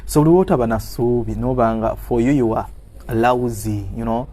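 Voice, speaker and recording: A man with a Ugandan accent delivers an encouraging sermon in a mellow, warm voice at an ordinary pitch. He moves between Luganda and English and repeats phrases for emphasis. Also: normal speed. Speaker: preacher. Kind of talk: motivational sermon.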